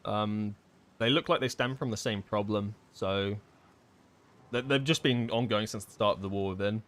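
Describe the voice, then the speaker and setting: A man's voice: lowish voice, moderate pace, a bit bright. A man live-streaming a game, chatting casually and thinking aloud, full of fillers and restarts as he answers chat questions.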